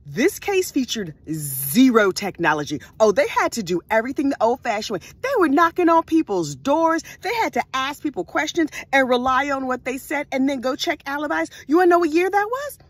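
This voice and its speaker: Animated, sassy high-voiced woman. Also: brisk, hardly any pauses, no room sound. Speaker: true crime vlogger. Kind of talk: casual storytelling.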